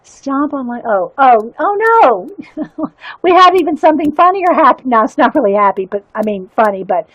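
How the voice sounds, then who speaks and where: A woman's voice: high voice, big pitch swings, normal speed, no echo, lo-fi sound. A woman hosting a casual livestream, chatting and giggling as she stumbles through reading aloud. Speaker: livestream host showing zines.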